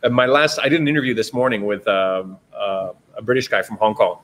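A man's voice: fairly low pitch, fairly quick, a bit bright. A man with a Canadian accent hosting a casual live stream chat, rambling with plenty of fillers and restarts. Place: home in China.

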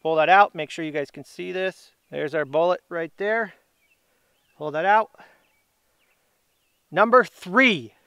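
Upbeat chatty man with a high voice. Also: pushed and bright, clean tone, no room sound, clean studio sound. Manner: upbeat, chatty, drawn-out announcements. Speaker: grilling channel host. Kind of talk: casual giveaway vlog. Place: outdoors.

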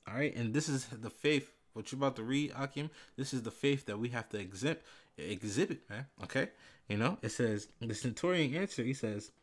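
A man's voice: medium pitch, animated. Man teaching scripture casually. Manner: reads scripture slowly and loudly, fillers like "man" and "all right". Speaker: bible teacher. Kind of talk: casual bible lesson.

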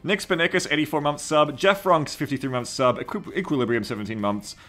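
A man's voice: on the high side, fairly quick. A man streaming a game and casually thanking subscribers and donors by name. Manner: thanking donors warmly, reading names. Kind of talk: casual live-stream chat.

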